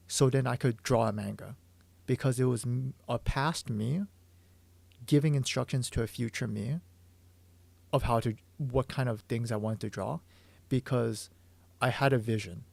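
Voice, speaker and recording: A man working as a manga artist who thinks aloud while drawing on a stream, eager and full of stumbling restarts, hoarse from losing his voice. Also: medium pitch, darkish tone, dry recording. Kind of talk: livestream drawing explanation.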